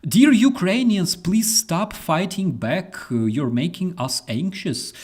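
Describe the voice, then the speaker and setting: A man's voice: expressive, slow, darkish tone, husky, exaggerated voice. A man mimicking a squealing panicky podcaster. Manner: high, whiny, begging.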